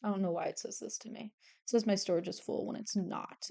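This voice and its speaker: A young woman streamer chatting casually while she draws, excitable and swearing freely. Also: medium pitch, fairly quick, creaky, breathy edge. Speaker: artist streamer. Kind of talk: casual chat while drawing.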